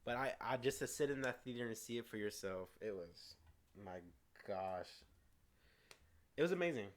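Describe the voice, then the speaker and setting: Guy gushing about a movie he just saw, lots of false starts, kinda low voice. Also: normal speed. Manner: eager, retells scenes with acted-out quotes; frequent restarts and stumbles. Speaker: co-host of a movie review show. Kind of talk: casual movie review chat.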